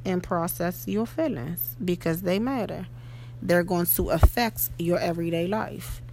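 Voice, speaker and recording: Gravelly woman giving an emphatic pep talk. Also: fairly low pitch, measured pace, darkish tone, slight background noise. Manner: emphatic, keeps asking "okay?" and "you know?". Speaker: podcast host. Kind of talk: motivational monologue.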